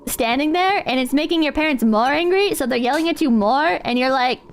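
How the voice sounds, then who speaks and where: Sarcastic high-voiced woman streamer. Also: brisk. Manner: sarcastic, rambling, mock-insulting. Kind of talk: casual gameplay commentary. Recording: clear background noise.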